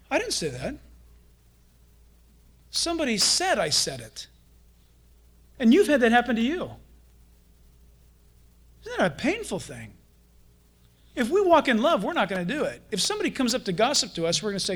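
A man preaching a sermon as pastor, animated, acting out the voices of the people he quotes. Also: high-pitched, moderate pace, pauses often.

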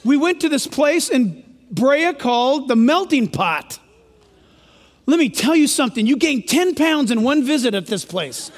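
A male pastor preaching a lively sermon, joking and acting out quotes for his congregation. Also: very high voice, a little slow, long reverb tail. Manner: animated, joking, acts out quotes. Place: large church.

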